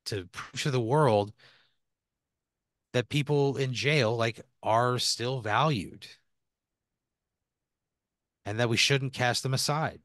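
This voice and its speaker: A man's voice: medium pitch, slow pace, long pauses, fairly bright tone, dry recording. A man voicing a scheming male prison warden who pushes and coaxes in an everyday voice, recorded on a dry close mic. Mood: persuasive. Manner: wheedling, leaning in to pressure.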